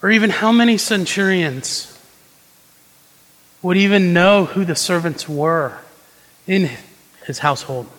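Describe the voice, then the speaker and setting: A man's voice: sits high, a little slow, long pauses, a bit bright, big-room sound, poor audio. A man preaching a sermon in a conversational way, acting out quoted prayers and tossing asides to the congregation. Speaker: pastor.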